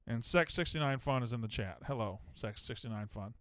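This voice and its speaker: Blunt, profane call-in host, clear voice. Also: male voice, mid-range voice, expressive, a little fast, fairly bright tone, no room sound, clean studio sound. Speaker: sports betting show host. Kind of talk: live call-in show.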